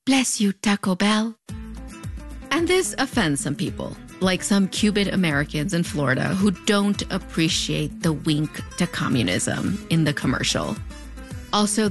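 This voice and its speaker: A woman in her thirties with a fronterizo border accent, narrating a scripted commentary with wry, playful asides. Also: deep voice. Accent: US-Mexico border (fronterizo). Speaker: video essayist.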